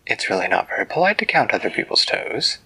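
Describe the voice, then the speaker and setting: A man's voice: mid-range voice, sing-song, fast talker, sharp tone, breathy edge, heavily acted, low-quality recording. A man doing a prim, muddled fairy woman. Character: odd, prim, scatterbrained female fairy.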